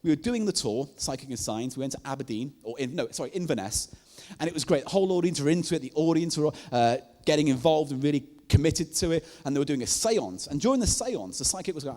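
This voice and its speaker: A man doing stand-up comedy at a live show, telling stories in an animated way and laughing at his own jokes. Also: a little high, fast. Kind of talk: comic storytelling on stage. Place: live comedy night in a venue.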